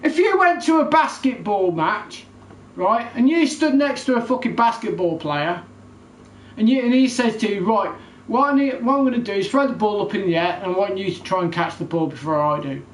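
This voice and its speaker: Furious high-voiced man ranting. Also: lively intonation, normal speed. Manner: heated, loud, heavy swearing. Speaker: gaming YouTuber. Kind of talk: angry gaming rant to camera. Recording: echoey room, faint background noise.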